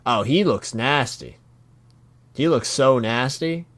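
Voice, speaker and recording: A man reacting live to a comic chapter, reading panels aloud and thinking out loud in a casual way with sudden swearing. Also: mid-range voice, lively intonation, takes it slowly. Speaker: manga reaction streamer.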